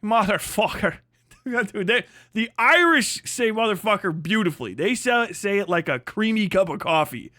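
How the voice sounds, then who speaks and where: A man's voice: high voice, very animated, normal speed, bright, forceful tone, dry recording, clean studio sound. An American man on a casual livestream, ranting in a rambling, profane way and laughing often. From United States. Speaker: livestream host.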